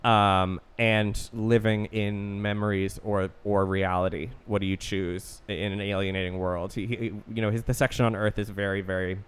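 A man with a somewhat low voice chats on a podcast, walking through a film's story in a relaxed, unpolished way. He swears freely and restarts his sentences often as he goes. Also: moderate pace, few pauses, clean tone. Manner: loose, profane retelling of a plot with many restarts. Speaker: podcast co-host. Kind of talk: casual film chat.

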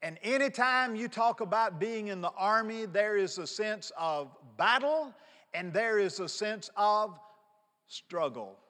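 A man's voice: high voice, fairly bright tone, in a large hall. A man in his fifties preaching a sermon as pastor, emphatic and repeating key words for stress. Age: 50s.

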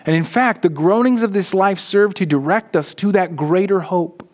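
A man with a high, light speaking voice preaches a sermon from the pulpit. He is earnest, often slowing right down and sinking low and quiet to press a point home. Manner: earnest preaching, slows and drops low for emphasis. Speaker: pastor.

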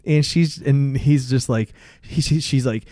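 Um homem numa conversa casual, recontando um filme com energia, xingando bastante e imitando as falas dos personagens. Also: male voice, mid-range voice, a little slow, no echo, clean studio sound. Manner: animated retelling, swears a lot, acts out lines. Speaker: podcast co-host. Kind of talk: casual movie recap chat.

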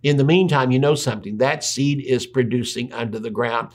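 A man's voice: medium pitch, a little fast. A man preaching a sermon, making his points with rhetorical questions and repetition and reading scripture aloud in between.

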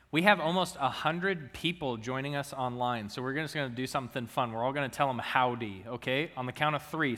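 A man's voice: mid-range voice, bright, forceful tone, in a large hall. A young man and student minister giving a chatty, joking sermon to his church. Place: church sanctuary.

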